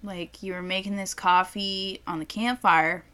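Young woman, casual co-host, chatty and profane, mid-pitched, acts out quotes. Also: steady tone, unhurried, fairly bright tone. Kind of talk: casual chat, beer tasting.

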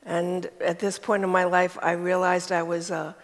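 A woman in her seventies with a Brooklyn accent, candidly telling her life story in an interview, reflective and unhurried. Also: lowish voice, little pitch movement, in a large hall. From New York state, USA. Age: 70s. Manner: slow, candid, reflective, with many ums. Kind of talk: interview testimony.

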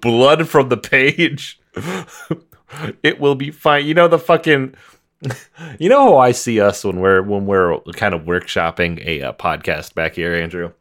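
A man's voice: fairly low pitch, unhurried, a bit bright. A man from Iowa co-hosting a comedy podcast, goofy and laughing through casual chat. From Iowa, USA. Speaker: podcast co-host and editor.

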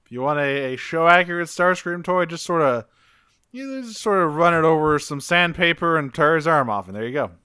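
A man on a podcast recapping a cartoon episode in a loose, profane, animated way. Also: on the high side, fairly quick, clear, resonant tone, no echo, studio quality. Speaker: podcast co-host.

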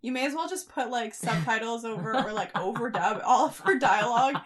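A woman's voice: on the high side, a little fast, crowd noise. A woman co-hosting a casual podcast chat, swearing freely and laughing often. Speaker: podcast co-host.

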